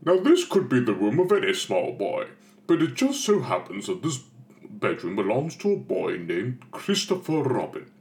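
Guy doing a soft storybook narrator, measured and lively in tone. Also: medium pitch, echoey room, pitched above the performer's own voice. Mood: gentle. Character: warm, gentle storybook narrator, older man.

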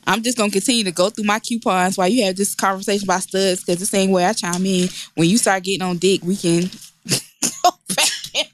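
Co-host: a mid-pitched woman, teasing, profane, quick to laugh, casual chat. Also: fairly even intonation, slight background noise. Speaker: podcast co-host.

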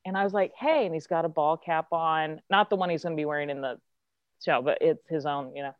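A woman's voice: low-pitched, fairly even intonation, fast, clean tone, dry recording, dull audio. A woman actress, a guest telling a casual, chatty story and acting out the quotes. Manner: chatty, lots of filler likes, acts out quotes.

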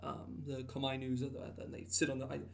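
A man's voice: mid-range voice, completely flat delivery, brisk, gravelly. A man co-hosting a casual podcast chat, rambling with lots of fillers and restarts. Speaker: podcast co-host. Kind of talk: casual chat about tabletop game content.

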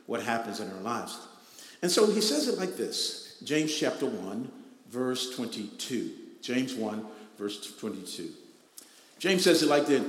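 A pastor preaching a sermon, repeating lines and swelling into loud emphatic bursts before dropping back to a low, quiet tone. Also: male voice, animated, normal speed. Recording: echoey hall with long reverb.

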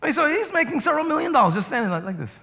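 A man's voice: extremely high pitch, racing. A male guest pastor preaching a sermon and telling stories with acted quotes, recorded in a church sanctuary. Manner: animated storytelling with acted quotes. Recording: reverberant hall.

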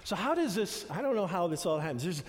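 A man gives a sermon in a loose, chatty way, stopping to restart his sentences and throwing himself into the voices of the people he retells. His voice sits a little high for a man. A long reverb trails after his words, as if the room were a large hall. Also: fast talker. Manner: conversational, animated retellings with many fillers and restarts. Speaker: pastor.

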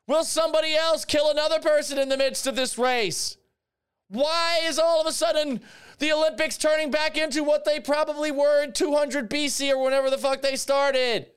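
A man putting on an overexcited male race commentator with shouty, exaggerated play-by-play. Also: very high-pitched, voice pushed up.

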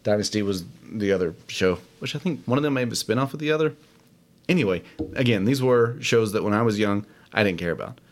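A man's voice: fairly low pitch, expressive, fast talker. A man hosting a casual solo show, rambling and self-deprecating with many fillers. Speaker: podcast host. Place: home studio, alone.

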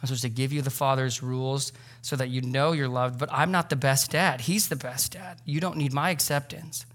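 A man's voice: mid-range voice, steady tone, fairly quick, fairly bright tone. A man in his thirties, a pastor giving a sermon in a church, talking in a loose, conversational way with many fillers. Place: church sanctuary.

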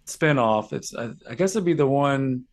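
A man with an average-pitched voice chats casually as a podcast co-host. He sounds laid-back, mostly reacting and dropping in quick jokes. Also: animated. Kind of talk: casual chat.

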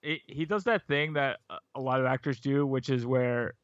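A man's voice: mid-range voice, moderate pace. A man joining a podcast as a guest over a video call, easygoing, laughing often, talking in loose rambling sentences. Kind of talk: casual chat. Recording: dull lo-fi video call audio.

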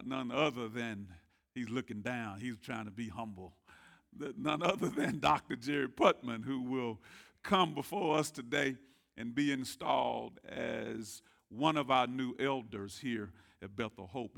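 A man with a medium-pitched, creaky voice preaches as pastor in a church sanctuary. He calls on the congregation to answer back, swinging between quiet murmurs and loud, rising shouts.

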